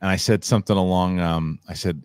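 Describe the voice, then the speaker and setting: A man hosts in casual chat and tells his stories in a relaxed, rambling way. His voice is fairly low, and the sound is dry and close. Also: a little fast, clear, resonant tone, dry recording. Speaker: podcast host and comedian.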